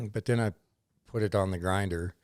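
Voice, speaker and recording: A man's voice: sits low, fairly even intonation, normal speed, darkish tone, dry recording. A man thoughtfully describing a craft process in a casual conversation. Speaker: knife maker on the ranch crew.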